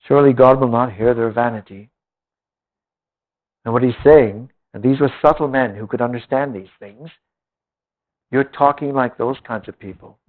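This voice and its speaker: A man teaching a Bible class, reading scripture aloud and then explaining it with emphasis. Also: mid-range voice. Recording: tinny lo-fi phone-like old recording.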